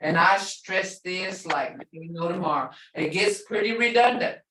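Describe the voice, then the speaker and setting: A woman language instructor leading a class through slow, repetitive syllable drills and explaining pronunciation emphatically. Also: on the low side, lively intonation, a bit bright, slight background noise. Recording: echoey room, voice from a distance.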